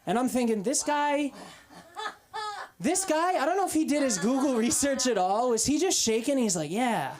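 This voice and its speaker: A woman in her twenties doing an open-mic stand-up set, telling profane, animated stories from a comedy club stage. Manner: profane, animated storytelling with quick pitch jumps. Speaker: stand-up comic.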